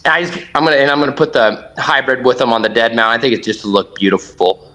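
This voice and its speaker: A man guesting on a podcast, telling a hunting story with excited, animated energy and acting out his own shouts. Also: medium pitch, fast talker, low-quality recording. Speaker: podcast guest, duck hunter.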